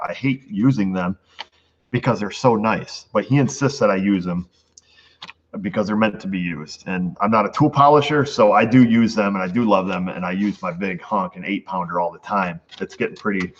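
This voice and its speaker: A man's voice: lowish voice, fairly bright tone. A middle-aged man from New York State, a shop owner chatting casually to his viewers, rambling and laughing at his own stories. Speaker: auto shop owner, channel host. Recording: dull lo-fi sound with faint background noise.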